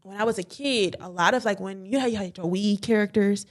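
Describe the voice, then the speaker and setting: A woman's voice: medium pitch, a little fast. Talkative woman in casual chat. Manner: open, talkative, animated storytelling. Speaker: guest singer.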